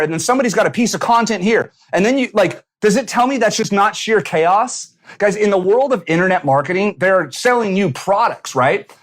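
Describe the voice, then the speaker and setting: A man with a fairly high voice coaches business owners in a punchy, animated talk. He acts out little bits of dialogue and swears casually as he goes. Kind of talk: energetic motivational talk to camera. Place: San Diego.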